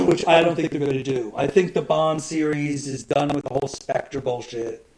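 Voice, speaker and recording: Male host, casual and meandering, fairly high voice, keeps clearing his throat. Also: darkish tone, poor audio. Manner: rambling, profane, frequent throat-clearing. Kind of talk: casual rambling monologue.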